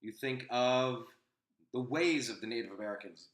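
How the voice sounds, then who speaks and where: A man's voice: medium pitch, normal speed, roomy sound. A man hosting a casual opinion chat, telling a rambling anecdote with frequent restarts. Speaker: host.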